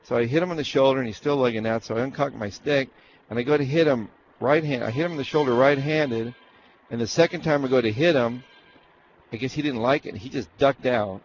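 In a mid-range voice that runs a little fast, the ex-jockey from Arizona recounts his racing days during a casual interview. He animatedly acts out what was said, and the recording sounds dull and lo-fi with faint noise.

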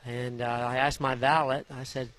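A retired jockey from Idaho recounts tales of his racing days for an interviewer, speaking at a moderate pace with a medium pitch. His delivery is folksy and lively, and he performs the voices of each character.

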